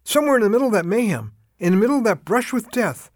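An older man delivers a short radio devotional in an earnest, emphatic way. His voice sits a little high for a man and the sound is close and dry. He slows right down to press each urgent appeal. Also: big pitch swings, dry recording.

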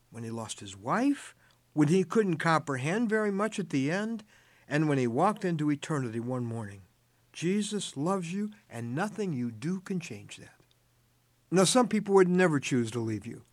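A man's voice: a little high, dry recording. An older man hosting a short radio devotional, telling a family story with earnest, tender emphasis.

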